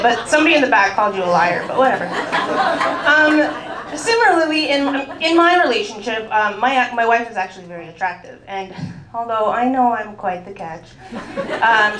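Woman stand-up comic from Mexico, high and lively, teasing crowd work, echoey club with a laughing audience. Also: moderate pace, background noise. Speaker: stand-up comedian. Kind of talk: live stand-up comedy set. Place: comedy club stage before a live audience.

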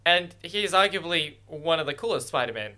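A man hosting a first-watch reaction video, talking excitedly at the screen and swearing freely as he reacts. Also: a little high, moderate pace.

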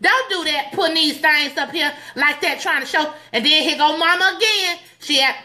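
A woman's voice: high-pitched, big pitch swings, normal speed, pushed and bright. A woman giving playful, sassy, preachy advice in a comedic skit, recorded indoors at home. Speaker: comedic church advice host.

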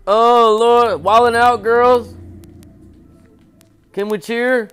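Brief: male gamer, let's-play, unhurried delivery, mutters then yelps when scared, goofy repeated chants. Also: flat delivery, clear, resonant tone, soft background music. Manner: jokey, talks to the game character, repeats silly chants; swings from low mutters to loud startled yelps. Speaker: gamer playing a horror game. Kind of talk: casual let's-play commentary.

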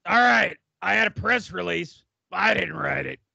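A man's voice: high voice, animated, moderate pace, creaky, bright, forceful tone, dry recording, lo-fi sound, full character voice. A man doing a comic impression of a crude old male boxing promoter with a put-on New York accent, rambling and self-mocking. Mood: mock-formal. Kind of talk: comic impression on a sports radio show.

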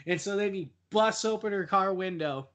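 A man's voice: sits high, moderate pace, a bit bright. Profane, rambling young man retelling a movie. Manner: rambling, profane, laughing storyteller. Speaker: podcast co-host. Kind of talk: casual podcast chat, retelling a horror film.

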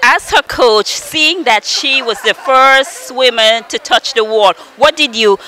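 A woman's voice: on the high side, slow pace, pushed and bright, poor audio. A woman working as a TV interviewer on location at an airport, upbeat and friendly, laughing often. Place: airport arrivals area.

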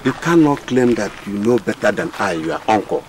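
Stern scolding uncle, Nigerian accent, lively intonation, faint outdoor noise. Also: male voice, lowish voice, normal speed. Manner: scolding, lecturing. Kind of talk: Nollywood film drama.

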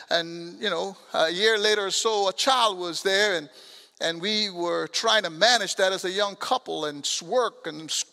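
A man's voice: high-pitched, bright, forceful tone. A male pastor with a foreign accent preaching a sermon, talking straight to the congregation in a loose, colloquial way. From abroad. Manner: preaching with call-outs to the congregation, colloquial asides. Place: church sanctuary. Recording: long church hall reverb.

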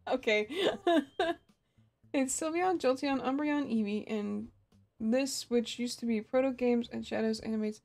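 A young woman game streamer chats casually with her viewers on a live stream, giggling and laughing often. Her voice is fairly high with vocal fry and a darkish tone, and she talks a little slowly with long pauses.

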